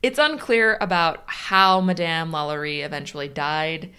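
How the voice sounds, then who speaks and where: A woman's voice: low voice, normal speed, pushed and bright, clear, resonant tone. A woman co-hosting a chatty podcast, reading out history with frequent laughs. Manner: laughs often, reads facts aloud. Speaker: podcast co-host. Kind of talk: casual chat, reading a story.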